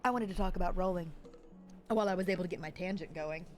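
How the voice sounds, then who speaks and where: A woman's voice: on the low side, fast talker, soft background music. A woman streamer in casual chat with her live viewers, bubbly and rambling off on tangents.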